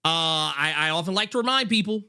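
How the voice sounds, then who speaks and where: A man's voice: fairly high pitch, animated, fairly quick, sharp tone, smooth. A man co-hosting a podcast over a video call, agreeing emphatically in casual chat with many stammered restarts. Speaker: podcast co-host.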